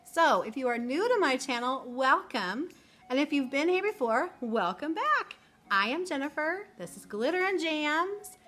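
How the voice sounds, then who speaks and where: A woman's voice: sits high, sing-song, a little slow, a bit bright. A middle-aged woman teacher vlogging casually, chatty and candid, sentimental. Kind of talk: casual get-to-know-me chat.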